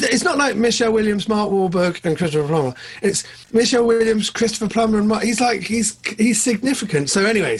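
A man co-hosting a podcast, chatting casually about films, excitable and jumping up in pitch when enthused. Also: slightly rough. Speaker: podcast co-host. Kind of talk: casual film chat.

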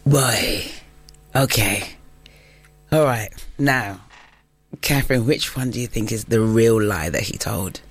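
Husky host running a game. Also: mid-range voice, slow pace, long pauses, dry recording. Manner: brief reactions and prompts. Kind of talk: hosting a game.

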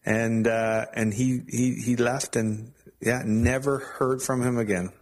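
A man as an interview guest, sharing a personal faith testimony in an earnest, halting way with frequent restarts. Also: medium pitch, level tone.

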